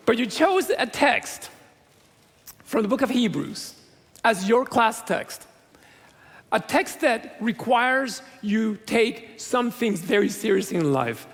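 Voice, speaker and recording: A man's voice: high-pitched, gravelly, fairly bright tone. A man preaching a graduation sermon as a pastor, with playful joking asides to the congregation. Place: large church sanctuary. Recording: long church reverb.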